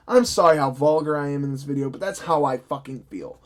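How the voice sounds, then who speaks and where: A man's voice: fairly high pitch, lively intonation, moderate pace, few pauses. A young man delivering a profane, sarcastic, exasperated movie review rant. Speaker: film reviewer. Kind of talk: ranting vlog review.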